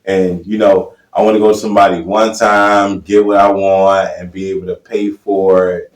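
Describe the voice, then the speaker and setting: A man with a very low voice tells personal stories at an easy, wandering pace, circling back to restart his thoughts. The room has a noticeable echo. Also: level tone, normal speed. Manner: rambling, many fillers and restarts. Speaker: podcast co-host, contractor. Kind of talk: casual podcast chat. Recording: echoey room.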